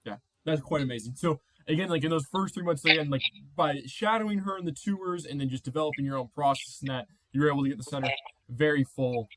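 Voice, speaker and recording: A man's voice: on the high side, fast talker, fairly bright tone, dry recording, poor audio. A man interviewing a business owner, asking casual questions with loose, filler-heavy phrasing.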